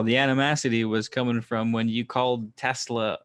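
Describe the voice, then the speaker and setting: A man's voice: medium pitch, flat delivery, normal speed, hardly any pauses, a bit bright. A man hosting a casual livestream, answering his chat in a rambling way, laughing often and swearing freely. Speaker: livestream host reading chat. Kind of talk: casual live chat with viewers.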